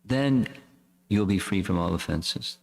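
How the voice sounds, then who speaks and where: A man's voice: animated, measured pace, creaky, heavily acted. A man voicing a distraught, pleading mother. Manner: tearful, imploring, pitch lifted when crying out. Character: distraught pleading mother, middle-aged woman. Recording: echoey hall reverb.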